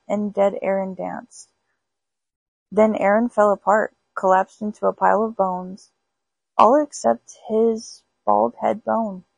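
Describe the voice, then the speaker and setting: A woman's voice: mid-range voice, creaky, darkish tone, slightly rough, no echo, poor audio. A woman hosting a podcast, reading spooky folk tales aloud in an unpolished amateur way with small stumbles. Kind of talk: storybook read-aloud.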